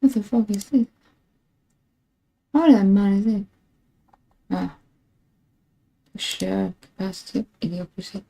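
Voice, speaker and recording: A woman with a mid-range, warm voice and vocal fry speaks slowly with long pauses on a low-quality recording. She's a streamer in casual live-stream chat, rambling and laughing at herself often while getting frustrated with her stream's tech setup.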